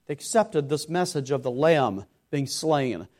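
This preacher's voice sits a little high, and his delivery is animated yet slightly slow. His sermon alternates between forceful exhortation and hushed earnestness as he performs imagined questions and responses.

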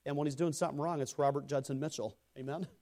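Male pastor, fairly high voice, sermon delivery, emphatic swells, soft low asides. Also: steady tone, fast. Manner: preaching with rising emphasis, then dropping soft and low; speaks to congregation members by name.

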